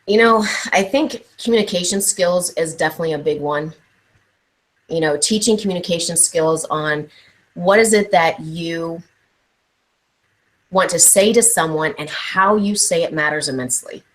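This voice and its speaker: A woman with a slightly low voice speaks as a guest on a live online chat, telling stories with energy and acting out each quote. She comes across as an experienced speaker, heard through an online call mic. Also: moderate pace, poor audio. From Ohio, USA. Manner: animated storytelling, acts out quotes.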